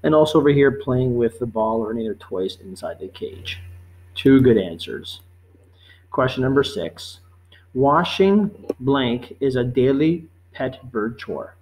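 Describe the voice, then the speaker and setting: A man's voice: medium pitch, darkish tone, rough recording. Patient man reading a quiz lesson. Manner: slow, patient, repeats each question. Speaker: teacher.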